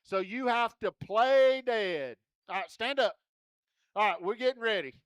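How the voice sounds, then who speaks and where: A man's voice: sits high, unhurried, fairly bright tone, clean tone, no room sound, clean studio sound. A man at a rodeo arena, coaxing children into a contest in a folksy, joking way over a handheld mic. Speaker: rodeo entertainer running a kids' contest. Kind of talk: lively arena crowd-work.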